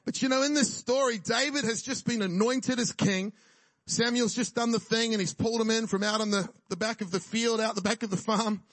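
High-voiced joking preacher. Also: male voice, fairly even intonation, fairly quick, a bit bright, dry recording. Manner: jokey, conversational preaching with frequent "right?" and laughs. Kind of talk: sermon.

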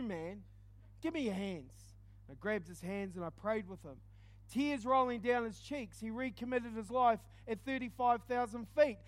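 A man preaching, telling a personal testimony in an animated storytelling way with quick dips into quiet asides. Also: very high-pitched, no room sound. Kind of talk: testimony sermon.

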